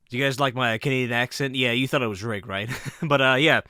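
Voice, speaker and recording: Man, casual vlog commentary, bright sharp voice, dry close sound, laughs and swears a lot. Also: mid-range voice, fast, clear, resonant tone, no echo.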